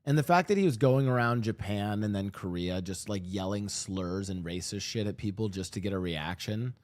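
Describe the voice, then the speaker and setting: A man's voice: fairly low pitch, normal speed. A young man streaming, reacting to news clips, swearing and talking to his chat. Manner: swearing, animated, talks to chat. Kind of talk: live-stream reaction commentary. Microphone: desk streaming mic.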